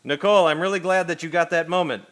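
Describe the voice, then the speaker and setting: A man's voice: on the high side, fairly even intonation, fast, a bit bright. A man streaming himself cooking, chatting casually and playfully with his viewers and laughing often.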